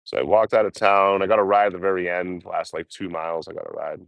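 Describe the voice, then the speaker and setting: A man casually telling hitchhiking stories on a livestream, full of swearing and lively asides. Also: deep voice, fast, gravelly, no room sound. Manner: profane, animated storytelling.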